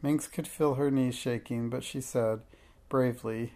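A man's voice: mid-range voice, fairly even intonation, unhurried. A man reading a children's storybook aloud, giving the characters light voices. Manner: gentle, reads children's dialogue with light voices. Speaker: narrator.

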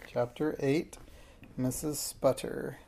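A reader narrating a children's storybook aloud in a steady, unhurried way, with small slips. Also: medium pitch, gravelly, slight background noise.

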